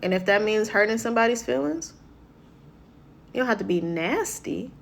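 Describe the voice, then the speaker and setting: A woman's voice: mid-range voice, lively intonation, moderate pace, gravelly. Woman giving a casual motivational talk. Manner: conversational, keeps asking "right?"; acts out quoted voices. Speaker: motivational speaker.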